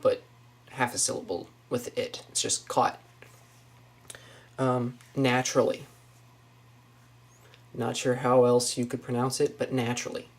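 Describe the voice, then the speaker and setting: Slow-talking young woman, Northwest Florida accent. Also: extremely low pitch, little pitch movement. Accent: Northwest Florida Southern US. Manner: musing, says each test word then comments on it. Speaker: vlogger. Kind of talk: casual accent-tag video. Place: small apartment indoors.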